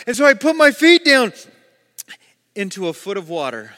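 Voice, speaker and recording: A man preaching a sermon, telling personal stories with animated, acted-out voices. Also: very high voice, a little fast, in a large hall. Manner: storytelling, animated, acts out voices. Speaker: pastor.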